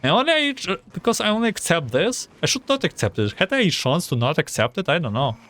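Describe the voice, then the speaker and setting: A man's voice: a little high, big pitch swings, brisk, a bit bright. A man streaming a game, reading the dialogue aloud and reacting with anxious groans between lines.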